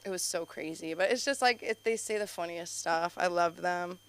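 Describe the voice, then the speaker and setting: A woman doing a stand-up comedy set on a club stage, telling animated stories with constant "like"s. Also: lowish voice, moderate pace, clean tone. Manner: animated storytelling, heavy use of "like". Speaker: stand-up comedian and show host.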